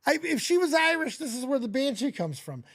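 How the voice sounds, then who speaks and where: A man gives crude, mocking reaction commentary into a close microphone. His pitch swings widely, and the room sounds dry, with almost no echo. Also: sing-song, brisk, a bit bright. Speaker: host.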